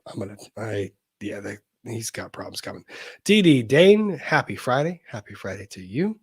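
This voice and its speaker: A man's voice: lowish voice, lively intonation, moderate pace, breathy edge, dry recording. A man hosting a live-streamed legal talk show, reading viewer messages aloud in a chatty, wry way with laughs and casual cursing.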